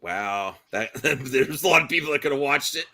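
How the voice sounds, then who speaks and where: Bright lively guy hosting a stream chat, rambly, laughs a lot. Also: medium pitch, normal speed. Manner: laughs often, rambling with restarts. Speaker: stream host. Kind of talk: casual group chat on a livestream.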